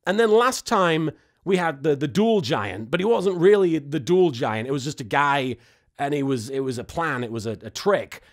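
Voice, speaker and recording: Male host, high voice, sarcastic comedic recap commentary. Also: expressive, moderate pace. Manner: sarcastic, exasperated asides. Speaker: host recapping an anime episode.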